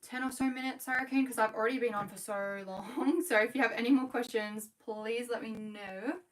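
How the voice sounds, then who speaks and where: A young woman with an Australian accent chatting casually to viewers on a livestream while she works, talking quickly and correcting herself as she goes. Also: fairly high pitch, steady tone. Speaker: small business owner livestreaming. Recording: voice a bit far from the mic.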